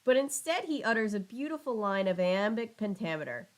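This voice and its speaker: A woman with a middle-pitched voice reads a children's book aloud in an easygoing, chatty way. She breaks off for side comments now and then. She trips over words and apologizes with a laugh at her own expense. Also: sing-song, fairly quick. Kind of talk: casual read-aloud with chat asides.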